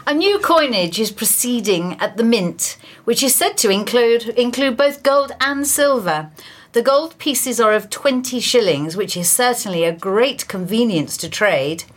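A woman on the radio reading historical news items with expressive storytelling. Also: fairly high pitch, measured pace.

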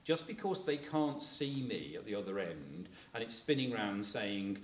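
A man's voice: on the low side, very animated, measured pace. Man telling rambling stories in an echoey room. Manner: rambling and chatty, full of fillers like "you know, kind of thing"; chuckles while telling stories. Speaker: speaker addressing a local audience. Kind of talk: anecdotal public talk. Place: room with a live audience. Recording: echoey room, faint noise.

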